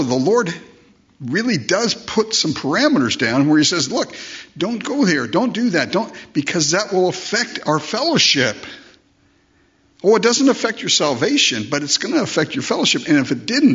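A man's voice: a little high, big pitch swings, normal speed, a bit bright. A man preaching a conversational sermon, asking rhetorical questions and acting out the voices he quotes. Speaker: pastor. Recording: dull lo-fi sermon recording.

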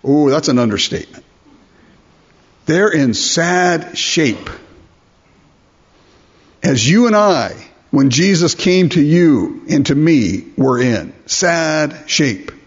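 A male preacher with a somewhat high, husky voice delivers a sermon. He works through scripture and keeps asking his listeners rhetorical questions. The recording is dull and lo-fi. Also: sing-song, slow pace, pauses often.

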